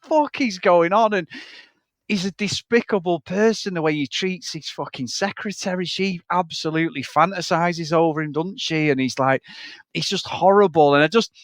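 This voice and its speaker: Man, podcast co-host, casual film chat, swears a lot, animated, slightly high voice, dry close sound. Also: moderate pace, dry recording. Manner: swears often, animated, acts out film lines.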